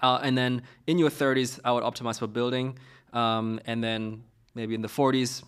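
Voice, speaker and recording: Male guest, middle-aged, mid-range pitch, halting delivery full of fillers, relaxed interview answers. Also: clean tone. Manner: hesitant, many fillers and restarts. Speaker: guest, startup co-founder.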